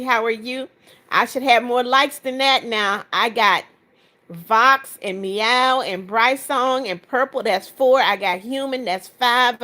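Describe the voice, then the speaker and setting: A woman hosting a live stream, talking casually and warmly with her viewers. Her voice sits a little high, and she reads out comments and welcomes people by name. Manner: chatty and affectionate, greets viewers by name. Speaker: livestream host. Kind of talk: casual livestream chat reading comments aloud.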